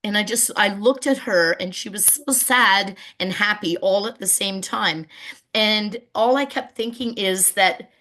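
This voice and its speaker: A middle-aged woman presenting on a video call webinar about community gardens, telling stories and lively when she quotes people. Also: medium pitch, a little slow. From Canada. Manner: warm storyteller, animated when quoting people.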